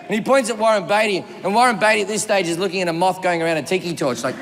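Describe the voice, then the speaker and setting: A stand-up comedian in his forties performs live on a comedy stage before an audience, telling a long, profanity-laced story with acted-out quotes. His voice is high and fairly bright, and he talks very fast with few pauses. The recording is echoey, with room noise from the hall.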